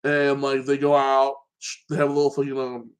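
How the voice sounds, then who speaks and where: His voice is mid-range and smooth, delivered completely flat at a moderate pace. As host, he recaps a TV episode casually and with opinions, ranting about plot holes, restarting sentences, and peppering his speech with "like that."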